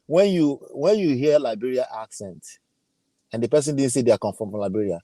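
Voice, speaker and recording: A man's voice: mid-range voice, expressive, mellow, dry recording. Nigerian man, dry close voice. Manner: chatty, code-switching, quick laughs. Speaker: host. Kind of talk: casual chat.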